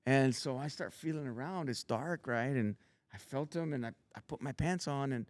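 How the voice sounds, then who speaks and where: A man, telling animated stories and acting out the people in them as a guest. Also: mid-range voice, moderate pace, no echo. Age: 50s. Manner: animated storyteller acting out voices. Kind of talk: casual storytelling.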